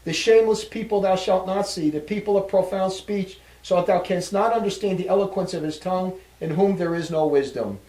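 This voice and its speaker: Male lecturer, high voice, indignant and scornful, reads quotes then rails against them; echoey room. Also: brisk, few pauses, dark tone. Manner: indignant, scornful, reading long quotes aloud. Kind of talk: religious lecture.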